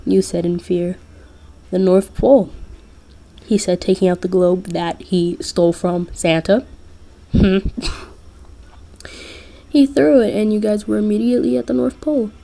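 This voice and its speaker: A woman's voice: mid-range voice, fairly even intonation, moderate pace, gravelly, long pauses, warm tone. A woman casually narrating a fan-made story, giggling and rambling with fillers.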